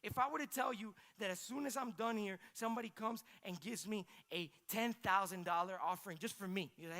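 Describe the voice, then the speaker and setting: A male pastor giving a sermon in a casual, conversational way, questioning and animated. His voice is bright and forward, and it rises and falls in loudness as he tells the story. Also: sits high, a little fast, hardly any pauses.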